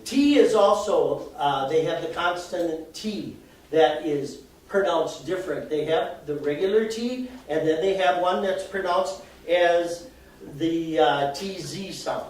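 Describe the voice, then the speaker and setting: A man with a fairly high voice gives a live, chatty talk to an audience, explaining things with everyday examples and laughing at himself now and then. He sounds far from the mic in a very echoey hall. A faint noise sits under the recording. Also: a little slow, darkish tone. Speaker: presenter. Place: arts center event room, indoors.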